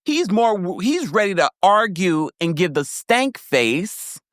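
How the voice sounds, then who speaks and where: A man giving a casual, animated recap of a reality show, laughing often and acting out quotes in a higher voice. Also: slow pace, no echo, clean studio sound. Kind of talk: casual commentary.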